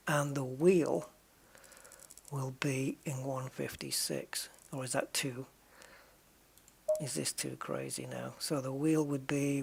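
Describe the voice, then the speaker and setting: A man chats casually on a game stream, thinking aloud and tossing jokes to his viewers. His voice sits a touch high for a man, with a gravelly, husky edge. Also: darkish tone. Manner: musing aloud, chatty, jokey asides to viewers. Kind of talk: casual live-stream chat.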